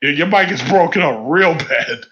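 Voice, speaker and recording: High bright man, blunt and repetitive, lo-fi chat mic. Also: expressive, normal speed. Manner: blunt, emphatic, repeats himself. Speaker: voice chat participant. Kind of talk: casual group voice chat. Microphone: online voice chat mic. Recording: muffled lo-fi voice chat audio.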